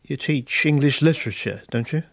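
Casting: man reading gruff factory boss, plain delivery, creaky tone. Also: a little high, brisk, dry recording, voice pushed up. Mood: blunt. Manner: plain reading, no accent attempted. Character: blunt middle-aged male factory boss.

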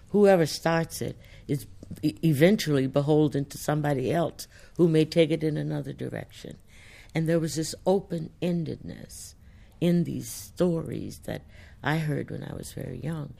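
A woman author answering audience questions in a reflective, thoughtful way, pausing as she searches for words. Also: low voice, gravelly, mellow. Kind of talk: reflective studio talk.

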